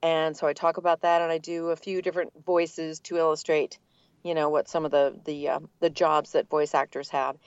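An older woman, a voice actor from the Boston area with a neutral standard accent, telling her story in a relaxed, articulate interview. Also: deep voice, fairly quick, clean tone, no room sound, highs cut off. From Boston area, USA. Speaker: guest, voice actor. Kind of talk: casual interview answers.

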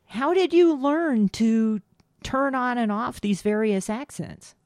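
Measured woman co-host, dry close sound. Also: fairly high pitch, a little mellow, no room sound. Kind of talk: scripted introduction and interview questions.

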